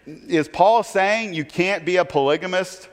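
A man's voice: sits high, unhurried, in a large hall. A middle-aged male pastor preaching a conversational sermon, asking his listeners rhetorical questions. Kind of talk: expository sermon.

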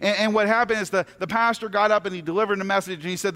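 A middle-aged man telling a personal story as a sermon, earnest and halting, often restarting his words. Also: high-pitched, steady tone, sharp tone.

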